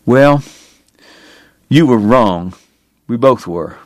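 A man voicing a bitter, weary, consumptive male dentist who speaks with slow, quiet precision. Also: medium pitch, animated, no room sound. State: coughing illness, strained breath.

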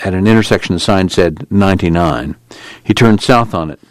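A man reading a novel aloud on radio in steady, measured narration. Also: deep voice, no room sound. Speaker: radio reader.

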